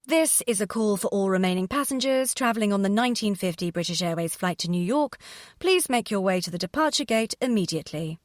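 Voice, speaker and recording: A woman's voice: medium pitch, expressive, a little fast, dry recording, studio quality, close to an everyday voice. A woman doing a formal airport announcer.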